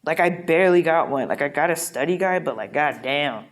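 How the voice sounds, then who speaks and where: A woman's voice: deep voice, animated, fairly quick. A woman vlogging a casual, reflective monologue, rambling and frank with plenty of profanity, from a hotel room.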